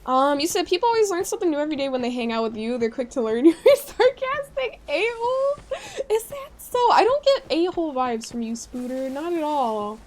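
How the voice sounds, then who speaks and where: A young woman with a Midwestern American accent, chatting with her live-stream chat while playing a game, reading messages aloud with excitable reactions. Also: high voice, brisk, few pauses.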